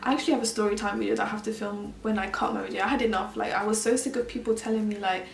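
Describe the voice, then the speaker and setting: A woman's voice: mid-range voice, steady tone, rapid-fire, vocal fry, a little hiss or hum. A young woman from Mauritius telling a personal story for her vlog in a chatty, earnest way. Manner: chatty, earnest, heavy use of "like". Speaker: vlogger. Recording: roomy sound, mic at a distance.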